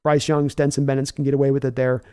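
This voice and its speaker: A man's voice: medium pitch, flat delivery, quick pace, mellow, clear, resonant tone. A man hosting a casual live-stream sports show, reading viewer comments aloud and answering them in a conversational, folksy way. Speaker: podcast host reading chat.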